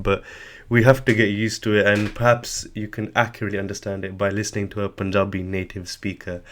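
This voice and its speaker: Patient low-voiced male language tutor. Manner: patient, correcting himself as he explains. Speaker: language teacher. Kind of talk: tutorial explanation.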